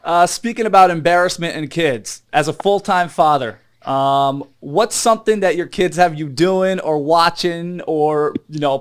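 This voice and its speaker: A man's voice: fairly high pitch, smooth. An American man hosting a casual talk show, asking joking questions and laughing often. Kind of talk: casual interview chat.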